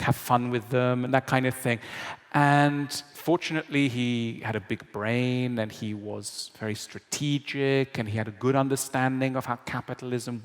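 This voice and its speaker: A man giving a public lecture in a wry, conversational way, often checking in with the audience. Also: mid-range voice. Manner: conversational, wry, frequent tag questions. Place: large lecture hall. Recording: long hall reverb.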